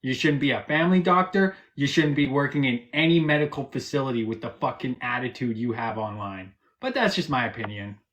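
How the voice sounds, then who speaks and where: A man's voice: medium pitch, fairly quick, few pauses, a bit bright. A man hosting a live stream, arguing in a profane, combative and mocking way. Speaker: livestream host. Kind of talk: heated live-stream argument.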